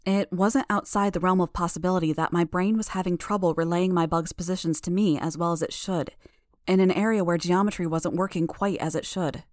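A woman reading an audiobook chapter in the first person, in a steady, measured manner. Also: on the low side, no echo, studio quality. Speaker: audiobook narrator.

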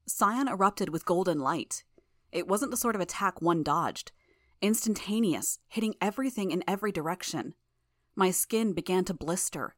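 A woman narrating a fan audiobook in the first person with a measured, even reading. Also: fairly low pitch, no room sound, studio quality.

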